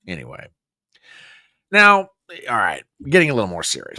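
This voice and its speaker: A man's voice: lowish voice, huge pitch swings, moderate pace, pauses often, sharp tone, no room sound, studio quality. A man hosting a casual news commentary show, rambling with sarcastic, joking asides. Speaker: host.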